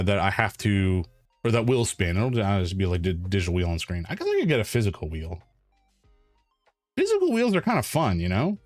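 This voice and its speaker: A man's voice: on the low side, dry recording. A man streaming, chatting casually in a rambling, playful, self-deprecating way. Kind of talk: casual live-stream chat.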